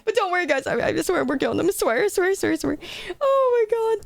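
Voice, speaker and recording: High-voiced rambling woman streamer. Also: sing-song, moderate pace, vocal fry, heavy background noise. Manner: rambling, apologetic, breaks into laughs and dramatic yelps. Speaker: VTuber streamer. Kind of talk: casual live-stream chat to viewers.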